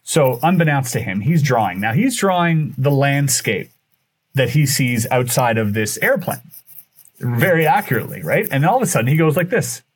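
A man at a mid pitch tells a story on a podcast as a guest, loose and chatty. He keeps the thread running with restarts and fillers and jumps into what each person said. The voice sits near the middle of the male range. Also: moderate pace, husky. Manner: animated, acts out quoted dialogue. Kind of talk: casual storytelling.

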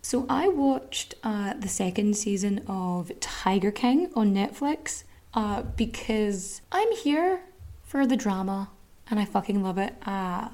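A woman's voice: mid-range voice, lively intonation, takes it slowly, dark tone. An Irish woman hosting a podcast, chatting candidly and swearing freely. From Ireland. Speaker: podcast host. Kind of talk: casual chat.

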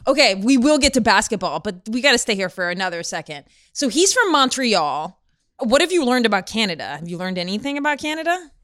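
A woman hosting a sports interview, asking friendly, quick questions and steering the talk. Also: fairly high pitch, big pitch swings, a bit bright, no echo, studio quality. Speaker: sports podcast host. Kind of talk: casual interview.

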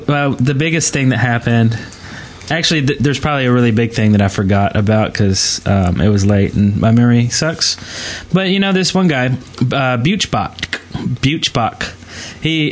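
A man's voice: mid-range voice, normal speed. A man co-hosting a casual gaming podcast, telling stories in a rambling way with many restarts. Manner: rambling, self-interrupting storyteller. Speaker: podcast co-host.

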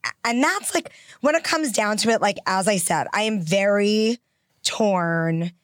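A woman's voice: medium pitch, expressive, a little slow, dry recording, studio quality. A woman co-hosting a casual podcast, giving emphatic, opinionated takes. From half English by family. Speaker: podcast co-host. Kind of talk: casual chat.

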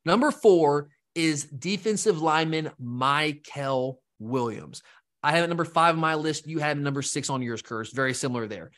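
A man co-hosts a casual sports podcast, rambling with animated enthusiasm. His voice sits a bit higher than most men's. He keeps the talk loose and conversational. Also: normal speed. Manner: animated, rambling, mimics fans in quotes. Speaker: podcast co-host.

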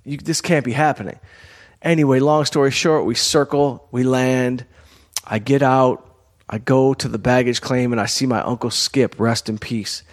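A man's voice: medium pitch, fairly even intonation, moderate pace. Candid storytelling man, conversational. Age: adult, college-educated comedian and performer. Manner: candid, conversational, frequent "you know" and "like". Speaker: podcast host telling a personal story. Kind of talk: casual storytelling monologue.

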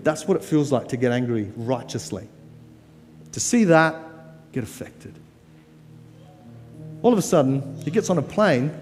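Animated preacher man in an echoing hall. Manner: animated, emphatic and casual, climbing to high stressed words. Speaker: guest preacher. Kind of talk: sermon. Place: church hall. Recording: long church-hall reverb, faint music.

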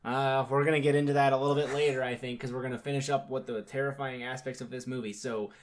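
A man's voice: mid-range voice, flat delivery, fast. A man co-hosting a podcast, casually recapping a film's plot with lots of fillers. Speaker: podcast co-host. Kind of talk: casual film discussion.

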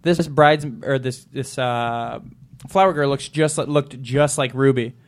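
A man's voice: mid-range voice, fairly even intonation, a little slow. A man co-hosting a casual live web show, telling rambling stories in a chatty way. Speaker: co-host.

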